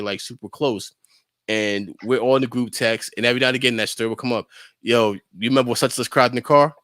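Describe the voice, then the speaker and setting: A young man on a podcast, casually telling a lively story and acting out his friends' lines, with lots of filler words. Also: mid-range voice, no room sound, clean studio sound. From New York. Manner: animated storyteller, acts out friends' voices, lots of "like". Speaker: podcast co-host.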